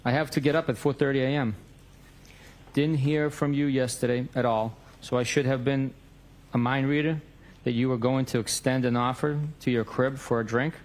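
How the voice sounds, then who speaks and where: A man's voice: medium pitch, fairly even intonation, normal speed. A man in a courtroom reading out both sides of a text message exchange, stating the date and time of each message.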